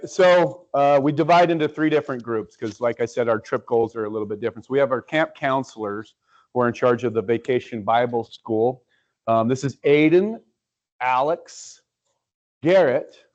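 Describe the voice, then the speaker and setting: Man, church presenter, halting speech full of fillers, muffled lo-fi recording. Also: mid-range voice, a little mellow. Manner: halting, many filler ums and uhs. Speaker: church mission trip presenter. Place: church sanctuary.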